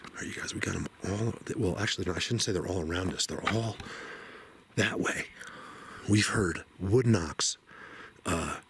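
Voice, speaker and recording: A man filming a vlog in a forest, talking excitedly, stammering, and sometimes dropping to a whisper. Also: deep voice, moderate pace, long pauses, a little hiss or hum. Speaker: Bigfoot hunter vlogger. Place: forest outdoors.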